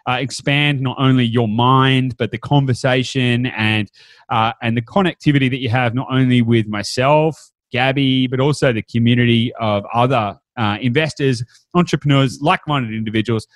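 A man hosts a podcast in a casual, upbeat way, talking with plenty of fillers and restarts. His voice sits in an ordinary middle pitch. The recording is dry and close, with no room sound. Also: moderate pace, no room sound. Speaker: podcast host.

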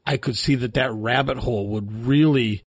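A man's voice: medium pitch, normal speed, slightly rough, dry recording, clean studio sound. A man hosting an interview, talking casually and acting out stories as he tells them. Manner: animated storyteller, acts out quotes. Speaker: podcast host. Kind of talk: conversational interview.

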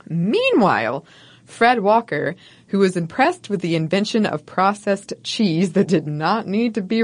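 A woman co-hosting a podcast, narrating a history segment from a script in a wry, playful way with soft laughs. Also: medium pitch, no room sound. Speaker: podcast co-host.

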